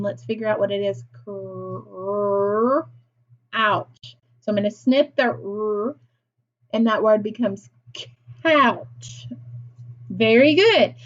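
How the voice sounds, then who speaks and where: A woman teaching a phonics lesson to young children, deliberate and encouraging, with frequent praise. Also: a little high, dull audio.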